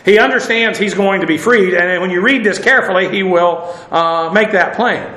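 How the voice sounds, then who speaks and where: A man's voice: sits high, normal speed, bright, forceful tone, reverberant. A man preaching a casual sermon, chatty, with wry asides and many fillers.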